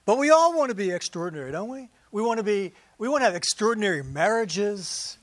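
A man's voice: high voice, animated, brisk, fairly bright tone, dry recording. A man preaching to his congregation as pastor, in a chatty sermon full of rhetorical questions and asides to the listeners. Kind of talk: conversational sermon.

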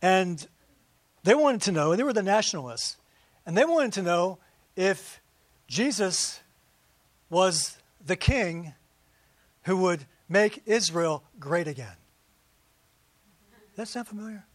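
A man with a high-pitched voice preaches a relaxed, conversational sermon. He keeps throwing rhetorical questions and quick asides at his congregation. The sound is close and dry, with almost no room around it. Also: no room sound. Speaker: pastor.

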